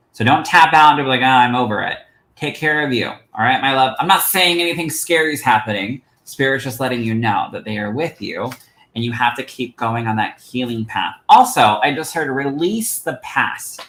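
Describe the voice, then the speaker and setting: In a low-quality recording from an echoey room, a medium-pitched man hosts a livestream as a psychic medium. Animated and affectionate, he reads cards for viewers and calls them "my love."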